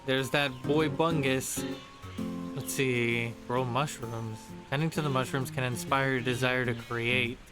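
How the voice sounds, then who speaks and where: A man's voice: medium pitch, steady tone, a little slow. Playful man streaming a game. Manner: playful, reads game text aloud. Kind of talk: casual gameplay commentary. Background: game music.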